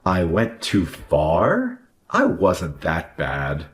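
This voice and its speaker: A man voicing a selfish, condescending husband who blames his wife, in an animated drama. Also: sits low, extremely slow, full character voice. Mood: backpedaling. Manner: condescending, dismissive, then backpedaling. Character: selfish arrogant husband who loves fishing. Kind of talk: animated story voice acting.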